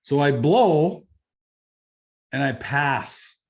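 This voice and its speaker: A man's voice: fairly high pitch, expressive, extremely slow, vocal fry. A middle-aged man from Canada, telling a personal story as an interview guest in a blunt, conversational way, swearing freely and repeating phrases for emphasis. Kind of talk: candid storytelling.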